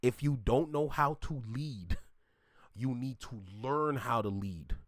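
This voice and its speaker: A man's voice: mid-range voice, slow, no echo, studio quality. A man from Toronto hosting a reaction video, ranting bluntly and repeating his points for emphasis. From Toronto, Canada.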